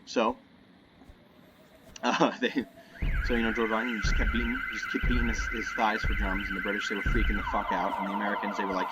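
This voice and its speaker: Young guy rambling through a horror game, lowish voice, game noise blasting behind. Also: big pitch swings, quick pace. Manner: meandering, joking, hedging often. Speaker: gameplay commentator. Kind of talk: rambling let's-play commentary.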